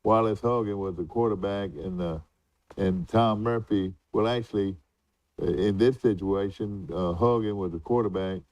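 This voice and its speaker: Rambling older man, dark voice. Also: lowish voice, normal speed, no room sound, recorded from a distance, highs cut off. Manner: rambling reminiscing, many fillers and restarts. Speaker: co-host. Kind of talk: casual chat.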